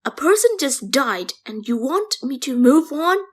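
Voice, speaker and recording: A woman's voice: high voice, big pitch swings, measured pace. A woman voicing an angry, grieving teenage boy who is chasing his father's killer. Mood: bitter. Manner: sulky, bitter, then yelling. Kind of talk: fan machinima voice acting.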